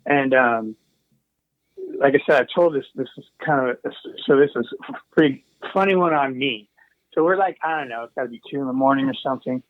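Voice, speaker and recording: A man's voice: medium pitch, brisk. Man telling studio stories over a tinny line. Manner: meandering, full of asides and trailing restarts. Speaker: guest, recording engineer. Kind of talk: casual anecdotal storytelling. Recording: tinny phone-like call line.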